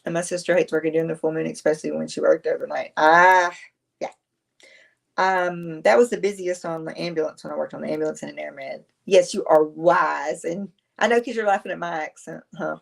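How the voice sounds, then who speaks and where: A woman's voice: sits low, fairly even intonation, a little fast, vocal fry. A woman, chatting casually on a livestream, rambling, answering viewers and laughing often. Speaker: livestream host.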